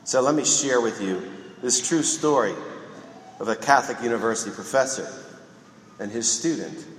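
A man's voice: medium pitch, animated, slight background noise. Man preaching in an echoing church. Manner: measured, reflective preaching with pauses. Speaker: priest. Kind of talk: sermon. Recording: roomy echo in a large church.

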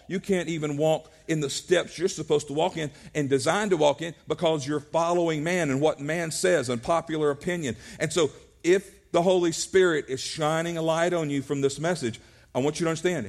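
A man's voice: on the high side, normal speed, gravelly, a little mellow. A male pastor preaching a sermon at a church service, earnest, often restarting his words.

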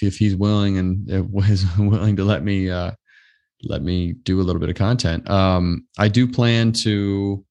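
A man's voice: low voice, a little mellow. A man hosting his own podcast, chatting alone in a loose, rambling way full of fillers. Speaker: podcast host. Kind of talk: casual solo podcast chat.

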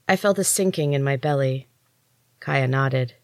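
A woman storyteller and author giving a steady, expressive first-person audiobook reading into a close mic. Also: rumbling low, normal speed, no room sound. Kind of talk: scripted audiobook narration.

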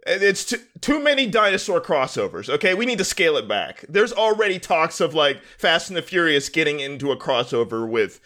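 A man on a podcast chatting in an animated, rambling way, often breaking into laughs. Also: on the high side, fairly quick, hardly any pauses. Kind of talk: casual chat.

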